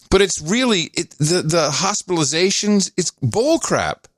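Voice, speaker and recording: A man co-hosts a talk podcast and rants in a scoffing, animated way. His pitch jumps up and down a great deal. The sound is dry and close. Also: moderate pace, few pauses, no room sound. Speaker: podcast co-host. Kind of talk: casual chat.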